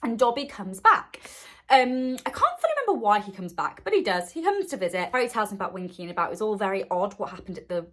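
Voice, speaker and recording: A woman's voice: medium pitch, very animated, quick pace, a bit bright. A woman hosting a podcast, chatting enthusiastically and acting out quotes as she recaps a story. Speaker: podcast host. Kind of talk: casual recap chat.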